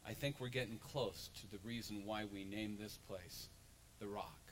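A man, a pastor, preaching a lively sermon in a church and acting out the voices of people in the story. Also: fairly low pitch, moderate pace, a little hiss or hum, low-quality recording. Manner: animated storytelling, acts out crowd voices. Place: church sanctuary.

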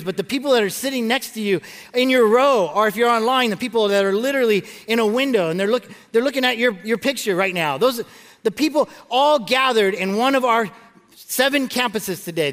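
A middle-aged male pastor with a high voice preaches a sermon, mixing humorous stories with his message and often restarting mid-phrase. His delivery is lively and conversational. The sound carries the long reverb of a large church auditorium. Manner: animated storytelling with frequent stammered restarts and jokes.

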